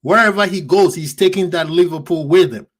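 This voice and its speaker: A man's voice: high-pitched, a little fast. A man hosting a fan reaction stream, passionate and preachy, ranting at rival fans. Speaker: fan channel host.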